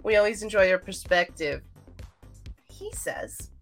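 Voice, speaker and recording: A woman hosts a livestream, chatting casually and rambling straight to her viewers. She speaks in a mid-range voice at a measured pace, with soft music playing in the background.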